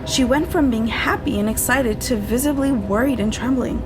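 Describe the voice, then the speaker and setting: A woman narrates a horror story in calm, measured tones, her voice sitting a little high for a woman. Loud music plays steadily beneath her reading.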